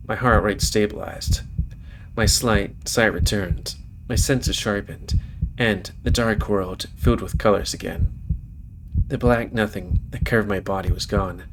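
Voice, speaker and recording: A man's voice: fairly low pitch, background noise. A man hosting a let's play, reading a visual novel aloud dramatically and then chatting casually.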